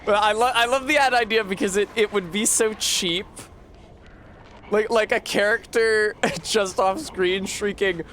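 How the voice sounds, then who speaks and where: A man's voice: sits high, fairly even intonation, unhurried, fairly bright tone, a little hiss or hum. A man streaming a game, commenting casually with sarcastic, rambling asides and frequent swearing.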